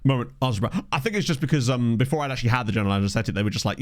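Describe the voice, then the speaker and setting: Male streamer, casual and joking, mid pitch, animated delivery. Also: very fast. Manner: rambling, self-deprecating banter with chat. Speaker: gaming streamer. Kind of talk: casual chat over a game. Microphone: desk condenser microphone.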